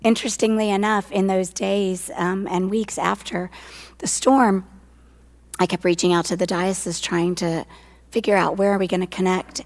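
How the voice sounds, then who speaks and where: Woman, hoarse, earnest church staffer, mid-pitched voice. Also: a little mellow. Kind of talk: church forum talk.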